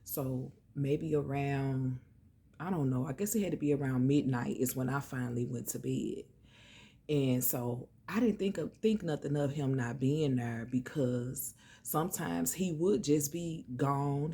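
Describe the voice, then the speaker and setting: A woman with a gravelly, husky voice tells a personal story in a relaxed, chatty way. She speaks straight to her viewers, drawing them in as she goes. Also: sits low, moderate pace. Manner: chatty, animated, addresses listeners as y'all and child. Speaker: vlogger. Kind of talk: casual storytelling.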